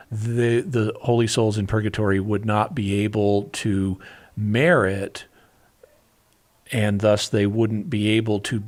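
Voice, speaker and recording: A man answering callers' questions on a call-in radio show, explaining things in a measured way with occasional restarts. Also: on the low side.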